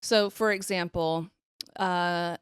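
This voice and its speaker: A woman hosts a relaxed podcast conversation, trading quick remarks with her guest. Her voice is somewhat low for a woman and is recorded close and dry. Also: clear, resonant tone, no echo. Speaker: podcast host. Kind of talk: casual podcast chat.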